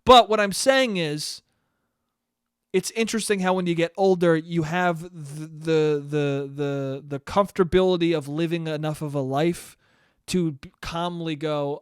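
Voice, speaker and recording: A man's voice: a little high, steady tone, a little slow, smooth, no echo, studio quality. A man in his twenties hosting a casual solo podcast, rambling and self-deprecating, swearing freely. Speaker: podcast host.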